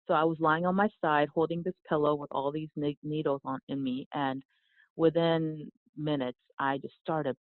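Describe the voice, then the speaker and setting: A woman who grew up in South Korea, a yoga teacher and guest, telling a personal story in a soft, reflective way with frequent restarts. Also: low-pitched, fairly even intonation, moderate pace, dry recording. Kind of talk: conversational storytelling. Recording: dry, phone-like remote line.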